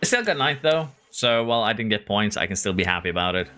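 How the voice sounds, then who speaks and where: Excitable male game streamer, bright voice. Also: on the low side, fast talker. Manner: excitable, talks to drivers and chat. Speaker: gaming streamer. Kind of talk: live game commentary.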